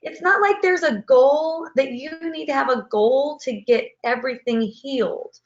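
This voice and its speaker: A woman hosting an online conversation speaks gently and reassuringly. Her voice is high. The sound is dull and lo-fi, like a video call. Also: moderate pace. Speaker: host of online dialogue sessions. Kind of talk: casual supportive chat.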